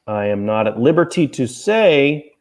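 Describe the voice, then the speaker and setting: This host and author speaks in a medium pitch, very animated yet unhurried and a little mellow. He's running a casual livestream chat outdoors near a golf course, rambling, joking, and easily distracted.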